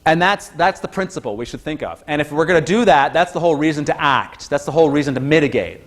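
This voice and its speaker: A man giving an informal university lecture, chatty and animated, who breaks into high-pitched exclamations when acting out what people say. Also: fast.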